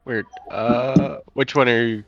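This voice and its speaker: A man's voice: mid-range voice, steady tone, takes it slowly, fairly bright tone, dry recording, lo-fi sound. A man serving as game master, narrating a tabletop game in a casual, stop-start way with many fillers, over an online call.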